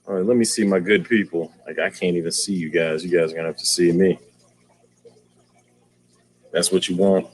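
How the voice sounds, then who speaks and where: A man's voice: low-pitched, steady tone, moderate pace, pauses often, darkish tone, slight background noise. A man hosting a casual aquarium livestream, talking in slang and greeting viewers by name.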